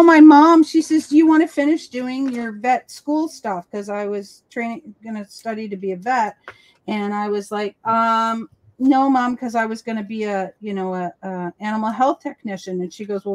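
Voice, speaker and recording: A woman chatting casually on a live stream, telling animated stories and acting out the voices of people she quotes. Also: medium pitch, normal speed, no echo. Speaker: co-host of a live crafting stream. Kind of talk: casual chat. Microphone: live stream call.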